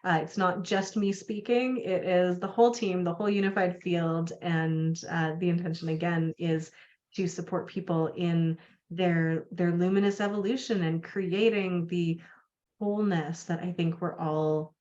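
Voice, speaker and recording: A woman with a fairly low voice, a guest on a video call, talking about healing in a calm, flowing, spiritual way. The audio is dull and lo-fi. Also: measured pace. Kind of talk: casual interview chat.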